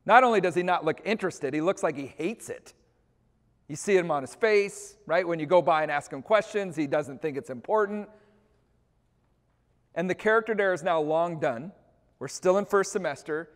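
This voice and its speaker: A middle-aged man with a fairly high voice, telling a story to a room of teachers and acting out the scenes. The sound is a big school hall with a long reverb behind each sentence. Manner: animated storyteller, acts out scenes. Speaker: staff trainer.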